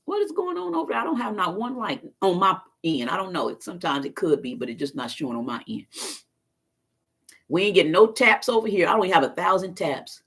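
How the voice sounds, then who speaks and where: A woman's voice: fairly low pitch, expressive, quick pace, a bit bright, breathy edge. A woman chatting casually to viewers on a live stream, telling stories in a folksy, talkative way. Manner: chatty storyteller, talks straight to viewers, folksy phrasing. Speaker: vlogger doing a live stream.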